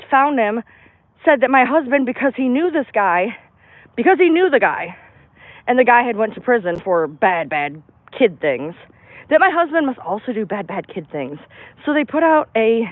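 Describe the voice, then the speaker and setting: A woman's voice: a little high, very animated, moderate pace, dry recording. Woman ranting bluntly on a livestream. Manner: blunt, profane, emphatic ranting. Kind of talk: venting on a livestream. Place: outdoors in a park. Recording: tinny phone-like, dry sound.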